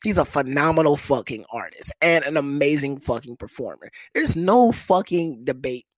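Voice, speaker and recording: A young man telling a comic story in casual, profane talk, with sudden jumps to high pitch for quoted people. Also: animated, normal speed, dry recording.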